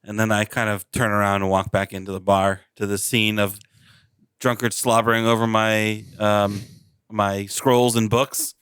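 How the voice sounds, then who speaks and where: A man's voice: fairly low pitch, little pitch movement, normal speed, fairly bright tone, clear, resonant tone, no room sound. A man playing a tabletop game who describes his character's actions. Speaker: player.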